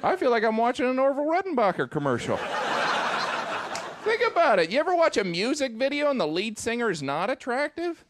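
A man's voice: very high-pitched, big pitch swings, a little fast. Wry man doing stand-up. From United States. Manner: wry, incredulous, mock-outraged delivery. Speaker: stand-up comedian. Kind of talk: stand-up comedy. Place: stage before a laughing audience. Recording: live show with audience noise.

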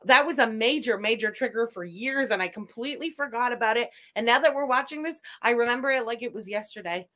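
A woman's voice: fairly high pitch, fast talker, hardly any pauses, a bit bright. A woman host giving sarcastic, disgusted reaction commentary over a video.

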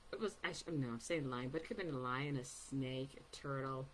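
A woman's voice: low voice, brisk, few pauses, slight background noise. A woman giving a casual live painting demonstration, chatty and rambling with many ums, recorded at her table at home. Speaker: artist giving a painting demo.

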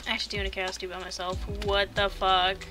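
A young woman giving casual gameplay commentary, swearing and shouting in sudden panicked bursts. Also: medium pitch, monotone, brisk. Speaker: gaming streamer. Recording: music playing under the voice. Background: background music.

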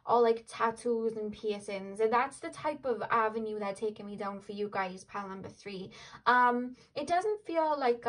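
A woman's voice: on the high side, a bit bright, poor audio. A young woman giving a casual tarot reading to camera, chatty and rambling with lots of fillers. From Wales. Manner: chatty, rambling, frequent "like" and "um" fillers, laughs easily. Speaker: tarot reader.

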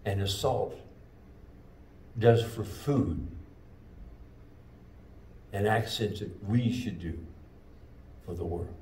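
A man preaching a sermon as pastor, with slow, emphatic delivery and drawn-out phrases. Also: fairly low pitch, a little mellow, a little hiss or hum. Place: church sanctuary. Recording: echoey church room, mic at a distance.

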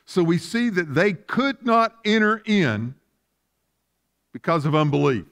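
High-voiced fervent preacher. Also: male voice, sing-song, unhurried, fairly bright tone. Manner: fervent preaching with rhetorical questions. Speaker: pastor. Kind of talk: sermon.

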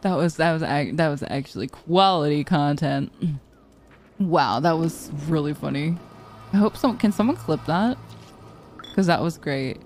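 A woman's voice: sits low, a little slow, a little mellow, a little hiss or hum. A young woman streamer chatting casually, telling rambling stories full of swearing. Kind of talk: casual chat.

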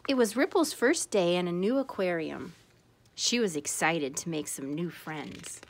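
A woman reading a picture book aloud for children, greeting them warmly and giving each character a voice. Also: lowish voice, unhurried, vocal fry, slight background noise. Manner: expressive, animated character voices. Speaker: storytime reader. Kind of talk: read-aloud storytelling for children.

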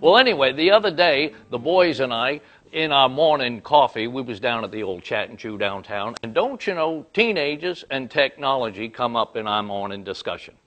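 A man's voice: mid-range voice, expressive, normal speed, a bit bright, muffled recording. A man telling comic stories in a folksy, chuckling way with rural turns of phrase. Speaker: comedian and storyteller.

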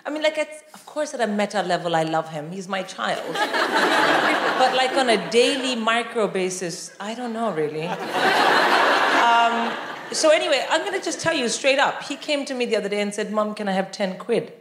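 A woman in her forties, from India, doing animated stand-up comedy on a concert hall stage, acting out voices and bursting into shouts. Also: on the high side, moderate pace. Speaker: comedian and co-host. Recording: roomy live hall with crowd and noise.

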